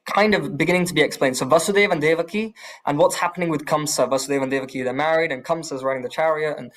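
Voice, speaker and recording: A man teaching a scripture class with a fairly high voice. He retells the story with animated swings in pitch and asks the room questions as he goes. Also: racing.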